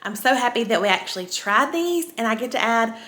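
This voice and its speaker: Chatty female cooking host, friendly giggly delivery, slightly high pitch. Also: expressive, fairly quick, sharp tone. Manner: chatty, giggly, talks to viewers as y'all. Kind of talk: casual cooking demo chat.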